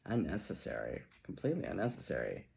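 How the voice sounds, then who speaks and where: A middle-aged man giving a casual, chatty tarot reading to camera, playful and quick to laugh, with lots of asides. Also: sits low, huge pitch swings, creaky, a little mellow. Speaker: tarot reader.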